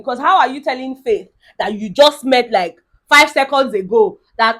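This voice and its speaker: A young woman with a Nigerian accent dishes on a reality show in lively, sassy commentary. She mock-quotes the cast and drops into Pidgin. Her voice sits somewhat high. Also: normal speed. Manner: sassy, animated, mock-quoting others. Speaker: reality TV recap vlogger. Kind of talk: casual commentary mixing Pidgin.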